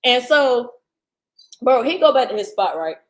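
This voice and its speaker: A woman hosting a livestream, telling a story in casual slang with lively, animated delivery on a computer's built-in mic. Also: fairly high pitch, unhurried, low-quality recording. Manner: slangy, animated, talks loudly at times. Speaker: livestream host. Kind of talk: casual storytelling to a live audience. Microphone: computer's internal mic.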